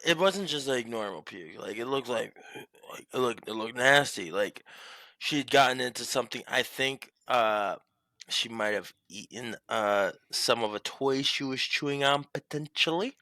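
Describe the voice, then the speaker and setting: A young man co-hosting a casual sports podcast from home, telling stories in a rambling, profane, animated way. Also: medium pitch, normal speed, no room sound. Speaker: podcast co-host.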